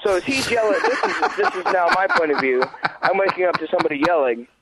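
A man telling a crude, rambling story in a casual way and acting out the yelling. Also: high voice, very animated, fast, over a noisy crowd. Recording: dull lo-fi dry sound.

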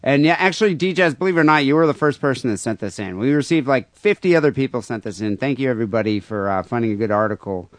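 A male podcast host with a middle-pitched voice, talking loosely and crudely and stopping often on "uh." The sound is dry and close to the mic. It is casual chat between friends. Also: lively intonation, fast, few pauses, dry recording. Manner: rambling, many fillers, crude humor. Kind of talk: casual podcast chat, reading listener mail.

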